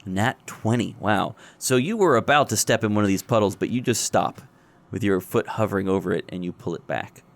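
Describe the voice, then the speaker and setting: A man's voice: on the low side, brisk, gravelly. Man narrating as game master. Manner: descriptive, relaxed narration.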